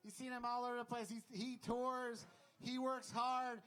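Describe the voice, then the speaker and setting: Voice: medium pitch, level tone, normal speed, fairly bright tone. Comedy club host introducing the next act, loose and offhand. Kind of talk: introducing comics.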